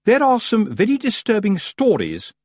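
A grand, gushing witch who drawls every word with lofty affectation, as a male narrator puts her on. The voice soars high and swoops dramatically, with a husky edge, recorded close and dry. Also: wildly swooping pitch, darkish tone, no room sound, full character voice. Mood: pompous. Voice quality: falsetto, drawn-out and affected. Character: haughty pompous witch woman, gushing and grand.

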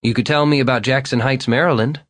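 A man's voice: medium pitch, fairly even intonation, fast talker, a bit bright, no room sound, clean studio sound, voice pushed up, lightly acted. A man voicing an eager, talkative young man whose lines come out raised and insistent. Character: eager chatty young man, upbeat and earnest.

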